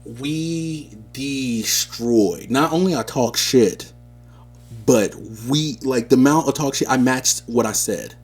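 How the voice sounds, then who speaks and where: A man co-hosting a podcast, telling stories in a casual, animated, slangy way. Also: mid-range voice, slow pace, breathy edge. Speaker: podcast co-host. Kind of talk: casual chat.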